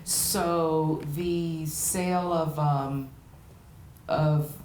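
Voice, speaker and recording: An older actress as a guest in a live on-stage conversation, an animated storyteller who laughs often. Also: female voice, deep voice, drawn-out words. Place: gallery event before a live audience. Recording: echoey room, crowd and noise behind.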